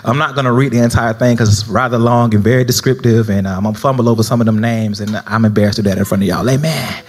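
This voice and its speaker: A man's voice: medium pitch, fairly even intonation, fast talker. A young man from South Florida preaching a sermon as minister, talking conversationally with laughing asides and checking in with the congregation.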